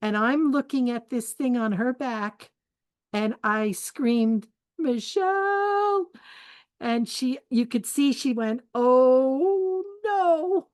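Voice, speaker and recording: Slow, warm-voiced older woman telling stories. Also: fairly high pitch, fairly even intonation, no echo. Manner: chatty and candid, laughs often, gives life advice. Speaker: spiritual forum host. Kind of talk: storytelling talk.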